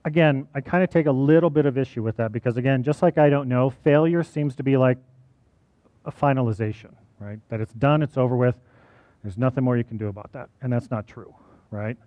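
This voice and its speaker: A man's voice: mid-range voice, brisk, dry recording, lo-fi sound. Man giving a chatty college talk. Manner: conversational, often asks "right?". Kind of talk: personal talk to an audience.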